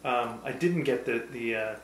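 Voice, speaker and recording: Dry-witted man tasting cocktails. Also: medium pitch. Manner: dry teasing, halting with fillers. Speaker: cocktail show co-host. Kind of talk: casual tasting chat. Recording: roomy with faint background noise.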